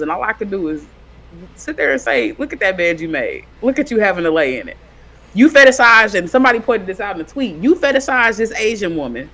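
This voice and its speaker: A podcast co-host in casual commentary chat, animated and fond of acting out what other people said. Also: mid-range voice, fairly quick. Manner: animated, acts out quoted people.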